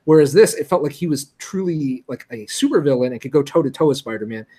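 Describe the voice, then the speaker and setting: Higher-voiced man giving his opinions. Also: expressive, fast, dark tone, husky. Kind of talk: casual movie discussion.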